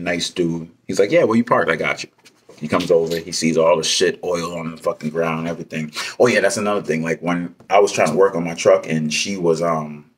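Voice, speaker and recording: Man, truck driver, low voice, husky tone, profane heated rant. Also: a bit bright. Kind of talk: casual storytelling vlog.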